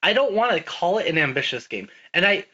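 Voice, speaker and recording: A man's voice: high voice, big pitch swings, brisk, bright, forceful tone, husky, dull audio. A man co-hosting a podcast, talking casually and animatedly about games, swearing now and then. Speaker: podcast co-host. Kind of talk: casual gaming chat.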